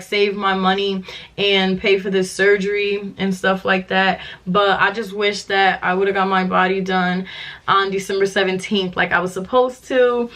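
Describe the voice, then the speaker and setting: A woman's voice: mid-range voice, fairly bright tone. Chatty young woman. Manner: chatty, dramatic, many "like" fillers. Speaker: vlogger. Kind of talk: casual storytelling to camera.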